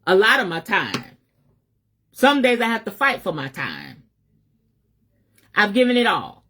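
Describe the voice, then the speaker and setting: Fiery woman preaching with a lively voice. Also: mid-range voice, unhurried, breathy edge. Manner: fiery and emphatic, with a preacher's cadence; African American Vernacular English with salty swearing. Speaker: spiritual advisor. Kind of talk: preaching-style live stream message.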